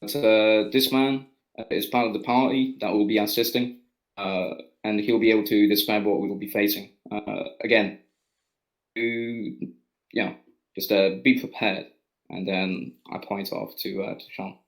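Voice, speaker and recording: A man's voice: lowish voice, steady tone, moderate pace, low-quality recording. A man playing a tabletop game, speaking hesitantly with many fillers. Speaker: player.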